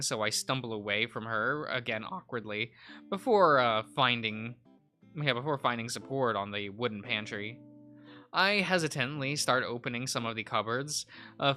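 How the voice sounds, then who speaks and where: A man's voice: mid-range voice, bright, forceful tone. A man streaming himself reading a visual novel aloud, stumbling over fillers and correcting himself as he goes. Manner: reads narration with many fillers and self-corrections.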